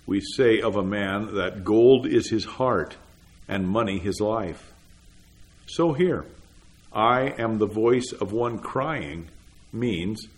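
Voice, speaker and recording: Male reader for old sermon text, lowish voice, unhurried and deliberate. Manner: measured, deliberate reading. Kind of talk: read-aloud sermon text.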